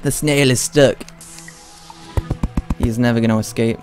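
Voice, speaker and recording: A man's voice: medium pitch, steady tone, a little slow. A young man giving playful, chatty commentary while streaming a game and answering his chat. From Britain. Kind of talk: casual live-stream commentary. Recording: game music playing behind the voice.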